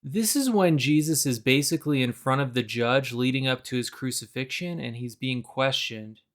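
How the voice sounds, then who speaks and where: Calm man narrating a Bible explainer. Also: medium pitch, moderate pace. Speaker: Bible video presenter.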